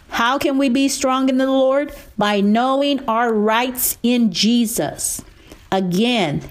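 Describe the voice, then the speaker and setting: Slow, deliberate woman preacher. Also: a little high. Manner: slow, deliberate scripture reading. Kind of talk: radio Bible teaching sermon.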